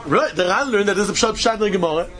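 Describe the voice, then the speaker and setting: A man's voice: high voice, lively intonation, rapid-fire, fairly bright tone. A man giving a Talmud study lecture in a sing-song style, mixing in Yiddish and Hebrew terms and rising into questions. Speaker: Talmud teacher.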